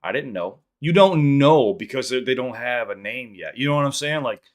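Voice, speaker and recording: A young man from the Chicago area hosts a live-streamed podcast, answering viewer comments off the cuff. His talk is loose and profane, with restarts and quick rambling asides. His voice sits at an ordinary middle pitch for a man. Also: expressive. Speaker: podcast host reading live chat. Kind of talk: casual live-stream chat.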